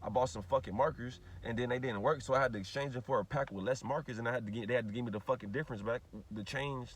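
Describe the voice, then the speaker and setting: A man's voice: mid-range voice, quick pace, slight background noise. A young man, telling a rambling, profane story straight to the camera in a ranting vlog. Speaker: vlogger.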